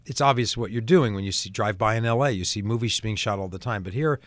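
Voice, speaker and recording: A man with a lowish voice spins a long anecdote as an interview guest, animated and full of restarts. The recording is dry and close, with no room sound. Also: quick pace, no echo. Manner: lively storyteller, frequent restarts. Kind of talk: casual anecdote telling.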